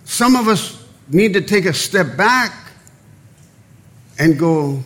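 A male pastor preaches slowly from the pulpit in a church, his voice sitting a little high. He mixes Spanish phrases into his English. When he tells a joke, he acts out the speakers' lines. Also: lively intonation, fairly bright tone. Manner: storytelling, acting out dialogue in the joke. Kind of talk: sermon with a told joke.

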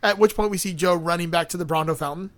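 A man's voice: sits high, fast talker, fairly bright tone, dry recording. A man co-hosting a podcast, casually recapping a movie with lots of fillers and laughter. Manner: rambling, laughs often, many fillers. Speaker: podcast co-host.

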